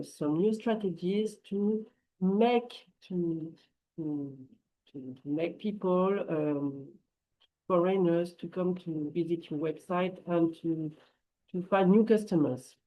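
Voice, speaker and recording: Woman, French accent, slow, many ums and restarts, computer mic, online presentation. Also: on the low side, warm tone, low-quality recording. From France. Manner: hesitant, many fillers and restarts. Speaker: translation company presenter. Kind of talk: live online conference talk. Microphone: computer microphone.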